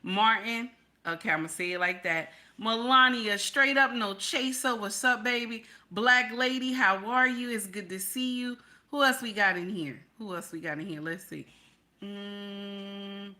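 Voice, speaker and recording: Female livestream host, chatty and familiar, repeats lines for emphasis, bright clear tone. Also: mid-range voice, a little slow. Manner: chatty, greets viewers as baby and honey. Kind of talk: casual livestream commentary.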